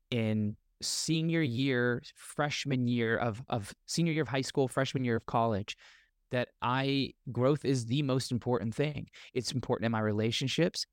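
A man's voice: medium pitch, dry recording, studio quality. A young man telling his story as a podcast guest, earnest and reflective, often restarting his sentences. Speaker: podcast guest, speaker and coach. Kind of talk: casual interview storytelling.

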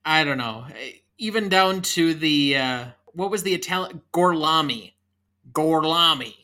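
A man in his thirties, chatty and trivia-driven, co-hosts a casual movie podcast and guides the discussion. His voice leans high, sounds expressive, bright and forceful, and keeps a moderate pace.

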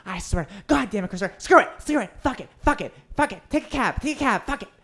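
A man's voice: very high-pitched, lively intonation, fast, voice pushed up, heavily acted. A man putting on a furious, screaming mother. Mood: exasperated. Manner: yelling and cursing.

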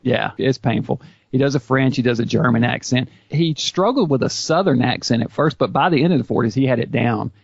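Man with a gravelly, fry-heavy voice; casual podcast chat, enthusiastic and knowledgeable, dull dry recording. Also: mid-range voice, brisk, few pauses, no echo. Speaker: YouTube series host, guest.

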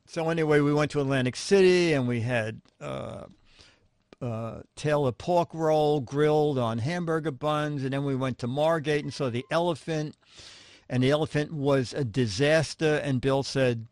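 An older man, a guest writer, telling anecdotes about his career in a lively way and acting out the voices of the people he quotes. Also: a little high, measured pace, dry recording, studio quality. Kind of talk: anecdotal storytelling.

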